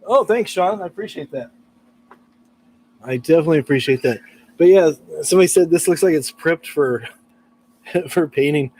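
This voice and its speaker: A man's voice: a little high, a little mellow, poor audio. A man chatting casually on a live stream about guitar repair, laughing often and reading out chat messages.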